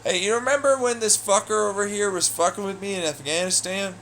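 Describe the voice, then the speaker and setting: A man's voice: fairly quick, a little hiss or hum. Profane, taunting man with a raised voice. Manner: swings between loud jeers and low muttering. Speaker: audio blogger. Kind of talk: angry solo rant.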